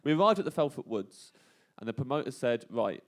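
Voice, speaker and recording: Male comedian, anecdote delivery, animated pitch, frequent laughter. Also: fast talker. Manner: rambling anecdote, laughing often. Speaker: comedian guest telling a story. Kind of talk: casual chat. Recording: radio studio banter.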